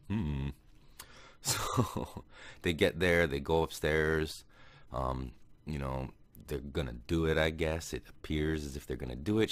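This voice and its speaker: Very deep-voiced man recapping a movie. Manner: rambling, with many fillers and self-corrections; chuckles now and then while telling it. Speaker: podcast host.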